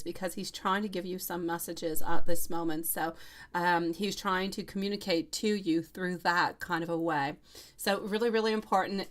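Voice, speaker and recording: A middle-aged woman giving a live-stream tarot reading, calling the viewer sweet love and reading cards to them. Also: fairly low pitch. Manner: warm, endearing, chatting with viewers. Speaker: tarot reader.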